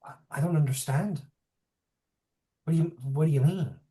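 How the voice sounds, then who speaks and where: A game master voicing an older female elf druid who is bewildered and anxious, talking in halting, stammering restarts. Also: medium pitch, mellow, lightly acted. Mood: worried. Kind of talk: tabletop role-play.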